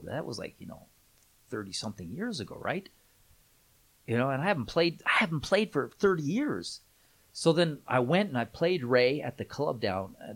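A middle-aged man, a guest on a show, telling a rambling story with many restarts and getting loud when excited. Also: mid-range voice, slightly rough. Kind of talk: casual anecdote telling.

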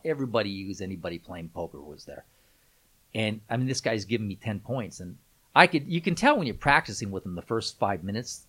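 A middle-aged man, a guest on a show, telling a rambling story with many restarts and getting loud when excited. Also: mid-range voice. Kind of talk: casual anecdote telling.

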